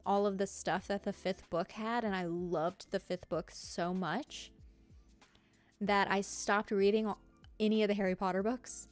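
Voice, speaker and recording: Southern-accented woman streamer, casual giggly chat, mid-range voice, soft music under. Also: medium pitch, steady tone, measured pace. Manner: chatty and giggly, lots of fillers. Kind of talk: casual chat with live viewers.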